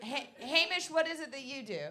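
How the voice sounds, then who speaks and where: A woman's voice: high voice, lively intonation, quick pace. A woman working the crowd as the MC of a live comedy show, brash and teasing, swearing freely. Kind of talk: live stand-up crowd work. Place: live comedy venue with audience. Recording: loud crowd noise in a venue. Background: audience laughter and chatter.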